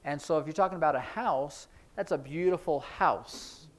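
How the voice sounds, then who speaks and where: Brief: male sign language teacher, slightly high voice, explains as he demonstrates, hurried asides. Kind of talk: classroom instruction. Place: church classroom.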